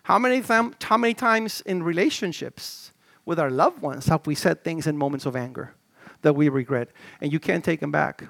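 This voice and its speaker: A middle-aged male pastor preaching a sermon in an animated, conversational way, with stammered restarts and swings from shouts to low murmurs. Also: normal speed, gravelly, no room sound.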